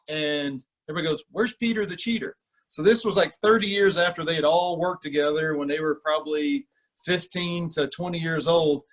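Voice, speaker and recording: A man coaching a youth golf class over video, talking kids through a lesson and counting out exercises as he does them. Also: a little high. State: out of breath during burpees. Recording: voice a little distant from the mic.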